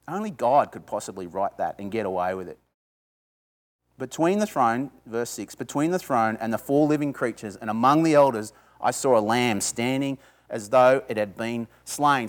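Speaking at a moderate pace with lively intonation in a mid-range voice, a pastor gives a sermon to a small gathering. His talk is conversational, questioning the audience and rising into emphatic bursts.

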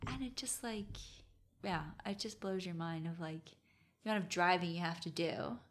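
A woman's voice: fairly low pitch, moderate pace. A woman guest with a mixed American and South African accent, chatting casually and laughing heartily. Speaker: guest athlete. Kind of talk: casual interview chat.

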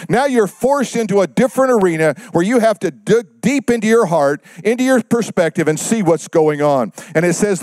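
A male pastor delivering a sermon, pausing for effect and dropping his voice low for God's words. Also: lively intonation, darkish tone, no room sound. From United States.

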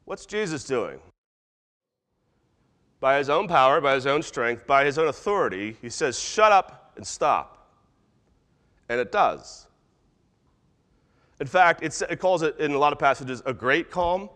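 A man preaching a sermon, animated, acting out quoted voices as he goes. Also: fairly high pitch, moderate pace, long pauses, big-room sound. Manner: animated, acts out voices of disciples and God. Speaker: pastor.

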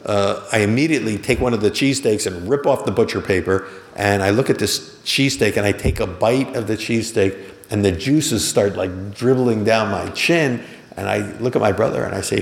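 Gravelly middle-aged storyteller in a roomy hall. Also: male voice, lowish voice, normal speed. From Philadelphia. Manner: conversational, acts out each person's lines with a lifted voice. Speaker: author telling a personal story. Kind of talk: personal anecdote storytelling. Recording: roomy hall with long reverb.

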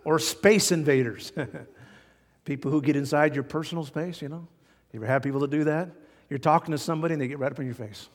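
A man preaching a sermon as pastor, folksy and animated, chuckling now and then at his own jokes. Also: a little high, quick pace, big-room sound.

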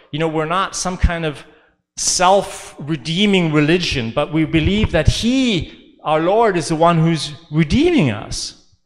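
A man's voice: a little high, fairly bright tone, in a large hall. A male priest giving a conversational homily, informal and chatty with many fillers and playful asides. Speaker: Catholic priest. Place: church.

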